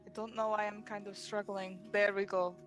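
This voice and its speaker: A woman's voice: mid-range voice, level tone, moderate pace, soft background music. A woman player chatting casually at a tabletop game, self-conscious and laughing at herself.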